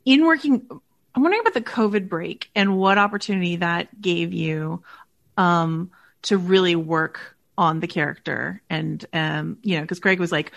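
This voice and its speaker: A woman with a fairly low voice hosts a podcast interview. She asks long questions in a relaxed, conversational way, with fillers along the way. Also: moderate pace, vocal fry. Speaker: podcast host.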